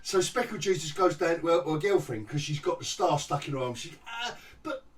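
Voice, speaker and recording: A man's voice: a little high, lively intonation, fairly quick. A man rambles through a sarcastic review of a TV episode, his voice leaping up and down as he mocks it. He restarts sentences and chuckles at the show. He sounds slightly distant from the microphone. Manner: mocking, rambling, restarts often, laughs at the show. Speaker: TV review vlogger. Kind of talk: sarcastic casual review rant.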